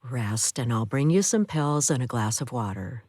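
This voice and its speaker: A woman's voice: extremely low pitch, lively intonation, normal speed, darkish tone, dry recording, clean studio sound. A woman voicing a soothing nurse. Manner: soothing, reassuring.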